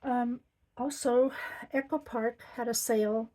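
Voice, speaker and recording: A woman's voice: fairly high pitch, steady tone, unhurried, mellow, rough recording. A middle-aged woman chatting casually through a craft supply haul, gushing with lots of ums. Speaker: crafting vlogger. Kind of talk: casual show-and-tell haul.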